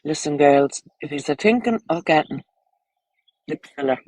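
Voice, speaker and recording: A woman's voice: sits low, lively intonation, a little slow, darkish tone, no echo, rough recording. An Irish woman with children, chatting bluntly and crudely on a casual livestream, rambling from topic to topic. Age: adult, with children.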